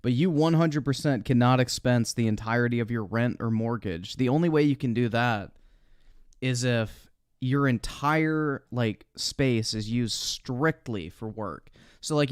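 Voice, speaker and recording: A man's voice: mid-range voice, clear, resonant tone, dry recording, studio quality. A man giving casual, profane commentary on a live stream as he reacts to clips, laughing often. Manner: laughs often, swears freely.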